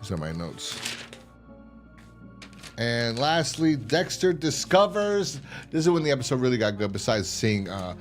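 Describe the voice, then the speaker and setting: A man hosting a casual TV review, rambling and swearing as he acts out characters' lines in quick voices. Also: medium pitch, big pitch swings, faint music behind. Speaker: podcast host reviewing a TV series.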